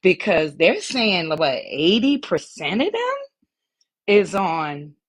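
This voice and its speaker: A woman calling in to a live show, asking rambling questions in a lively way. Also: fairly low pitch, takes it slowly, slightly rough, dry recording. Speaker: caller. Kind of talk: phone-in question.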